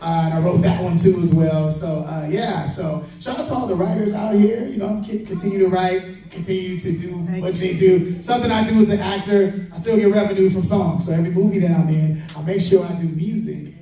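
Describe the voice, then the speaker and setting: A man from Chicago, a panel guest actor, telling stories at a comic con Q&A, animated and laughing, with loud shout-outs. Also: high voice, a little fast, hardly any pauses. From Chicago, United States. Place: large convention hall. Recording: echoey hall, taped from far off.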